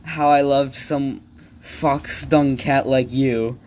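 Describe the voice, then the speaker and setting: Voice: mid-range voice, steady tone, takes it slowly, darkish tone, a little hiss or hum, natural voice. A storyteller voicing an angry leader cat in a made-up cat story, stumbling and restarting while accusing another cat. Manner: accusing, stumbling over words.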